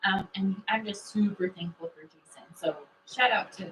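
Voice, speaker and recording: A woman's voice: medium pitch, moderate pace, a bit bright. A cheerful woman co-hosting a casual livestream and reading viewer messages aloud. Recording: distant mic with faint hum.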